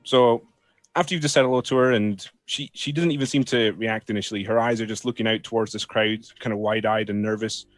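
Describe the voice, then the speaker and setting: A man's voice: on the low side, fairly even intonation, fairly quick, dry recording, soft background music. A man narrating as game master in an easygoing, often laughing way.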